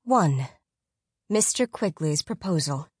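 Woman reading a storybook audiobook, kinda low voice, dry close mic, steady and suspenseful. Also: slow, husky, no room sound. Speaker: audiobook narrator. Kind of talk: scripted audiobook narration.

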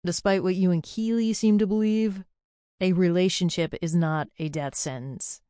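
A woman voicing a blunt, teasing young adult brother in an audiobook, with a gruff, wry way of talking. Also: fairly low pitch, fairly even intonation, normal speed, dark tone, dry recording, clean studio sound, lightly acted. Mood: reassuring. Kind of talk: audiobook character voice.

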